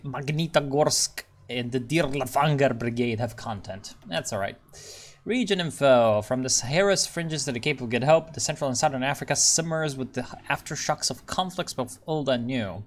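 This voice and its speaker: A man's voice: mid-range voice, fairly bright tone. A man live-streaming a strategy game, chatting crudely with viewers and reading in-game text aloud, with sarcastic asides and frequent swearing.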